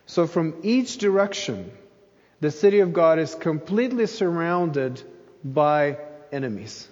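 A man's voice: fairly high pitch, expressive, a little slow, darkish tone, in a large hall, muffled recording. A man preaching a sermon in an earnest voice, pressing hard on his key phrases. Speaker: pastor.

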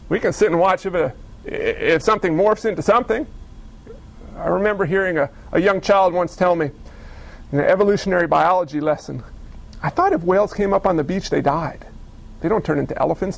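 High-voiced male pastor preaching. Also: creaky. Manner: lively, full of rhetorical questions and wry asides. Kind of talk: sermon.

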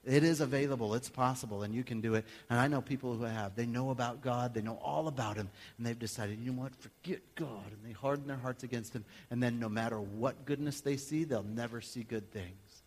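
A male pastor preaching a sermon in a conversational, animated way, acting out little everyday scenes. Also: medium pitch, brisk, hardly any pauses. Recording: long hall reverb.

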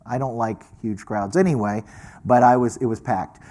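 A man preaching, telling a personal story with lively delivery and acting out the voices of people he met. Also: medium pitch, normal speed. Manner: animated storyteller, acts out quoted voices. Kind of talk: sermon storytelling.

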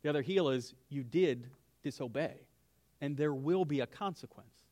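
Lively high-voiced pastor teaching. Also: male voice, normal speed, dry recording. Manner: lively, asks the room questions, drops to a whisper for emphasis. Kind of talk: conversational Bible lesson.

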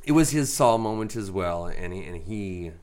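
A man's voice: sits low, normal speed, a little hiss or hum. A man co-hosting a faith podcast, telling a candid, self-deprecating personal story in casual conversation. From raised in a Mennonite Brethren community. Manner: candid, self-deprecating, animated when quoting others. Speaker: podcast co-host.

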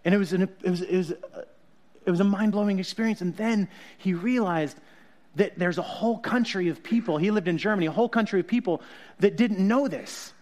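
A man with a high voice preaches in a loose, chatty way. He jokes with his listeners, laughs at his own asides, and corrects himself mid-sentence. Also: fairly quick, darkish tone. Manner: jokey, self-correcting, laughs often. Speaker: pastor. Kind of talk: conversational sermon.

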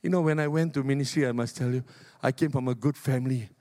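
An older man from Singapore with a Singaporean English accent, preaching a sermon as a pastor. He moves between loud exhortation and soft, low asides. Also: fairly even intonation, quick pace, no room sound, studio quality.

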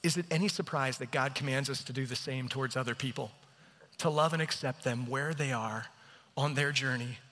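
Earnest pastor preaching in a reverberant hall. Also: male voice, medium pitch, fairly quick, bright, forceful tone. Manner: earnest storytelling, self-deprecating. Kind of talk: sermon. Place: church hall.

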